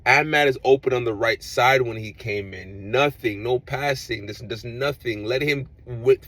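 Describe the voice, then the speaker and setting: A man's voice: mid-range voice, moderate pace, fairly bright tone, rough recording. A man talking as a football fan in a casual reaction vlog, frustrated and ranting, often repeating himself.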